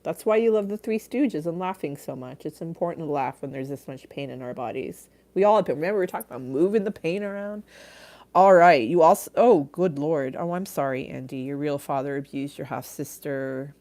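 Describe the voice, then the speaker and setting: A woman's voice: low-pitched, a little fast, darkish tone. A middle-aged woman hosting a casual livestream, reading viewer comments aloud, laughing often and trailing off mid-thought. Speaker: livestream host.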